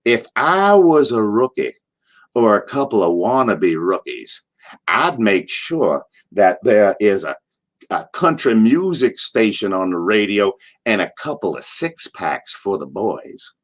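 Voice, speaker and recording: A blunt, commanding older wrestling man with a low voice, as a storyteller slips into him. He drags each word out slowly and firmly, like a boss handing down a rule. The voice sits lower than a typical man's. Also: sing-song. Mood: gruff amusement.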